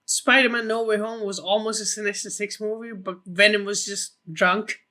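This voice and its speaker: Excitable male co-host, high pitched, rambling, heavy swearing. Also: moderate pace. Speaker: podcast co-host. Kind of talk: casual film podcast chat.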